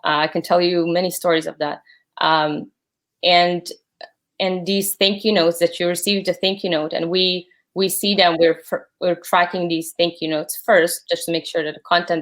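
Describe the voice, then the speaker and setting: A woman in her thirties, a guest in an interview, speaking earnestly and gratefully with many fillers. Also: fairly low pitch. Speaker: guest, platform founder. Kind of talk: conversational interview.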